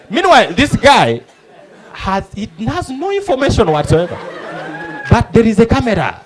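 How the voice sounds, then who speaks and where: A man with a Ugandan English accent doing animated stand-up, acting out the people in his stories. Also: very high-pitched, normal speed, a crowd in the background. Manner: animated storytelling, acting out characters. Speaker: stand-up comedian. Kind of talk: stand-up comedy. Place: comedy club stage before a live audience. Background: audience laughter.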